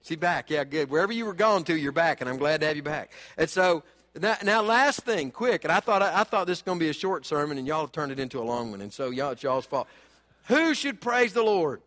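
A man preaching a sermon, animated, swinging between loud urging and low asides. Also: fast talker. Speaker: pastor. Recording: long reverb of a church hall.

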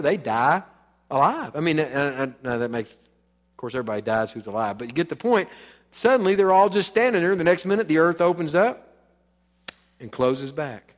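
A man preaching a sermon in a church, dramatic and emphatic, acting out the voices he quotes and swinging from loud to soft. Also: fairly high pitch, long reverb tail. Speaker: pastor. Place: church sanctuary.

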